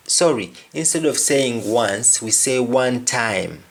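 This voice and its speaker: Man, language teacher, unhurried delivery, repeats words over and over, middle pitch. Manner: slow, repeats each word several times. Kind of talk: spoken lesson on patois phrases.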